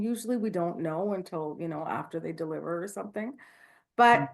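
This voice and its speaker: A woman's voice: mid-range voice, fairly quick, gravelly. A woman midwife speaking passionately and candidly on a video call, with many fillers and restarts. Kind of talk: online talk Q&A, casual.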